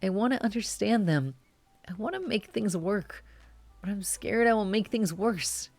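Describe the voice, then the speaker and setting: A streamer voicing a tearful young adult confiding in their mother on the phone, in a soft, shaky, pleading voice. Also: mid-range voice, animated, unhurried, creaky, dry recording, pitched above the performer's own voice. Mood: vulnerable.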